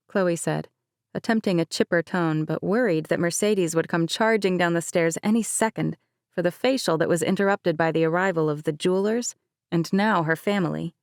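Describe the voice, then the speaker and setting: An audiobook narrator with a fairly low voice reads scripted narration in a measured, even manner. The recording is smooth, dry and close, with no room sound.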